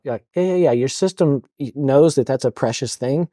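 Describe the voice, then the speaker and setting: Dark-voiced man, halting and chatty. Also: medium pitch, no room sound, studio quality. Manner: halting, full of fillers and restarts. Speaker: counselor for police officers. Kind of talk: casual podcast interview.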